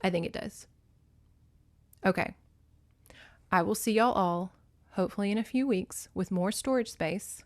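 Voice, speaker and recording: A woman hosting a podcast, recapping a book on her phone in an animated, emotional way, swinging between loud and hushed and cursing freely. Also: medium pitch, moderate pace, pauses often. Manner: laughs and curses freely. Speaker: podcast host. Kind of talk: casual book recap monologue.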